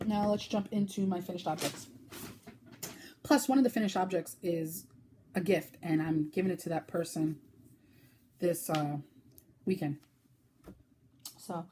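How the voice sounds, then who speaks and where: Chatty woman hosting a craft podcast. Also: noisy background. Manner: chatty, fast-talking, with fillers and sudden high baby-talk bursts. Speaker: podcast host. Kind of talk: casual crochet podcast chat.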